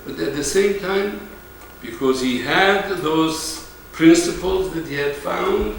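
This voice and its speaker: Older Armenian-accented man lecturing slowly. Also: a little high, slight background noise. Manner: slow, deliberate delivery with fillers, sometimes sings phrases. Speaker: archbishop giving a lecture. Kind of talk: live lecture. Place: large lecture hall. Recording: echoey hall, mic far off.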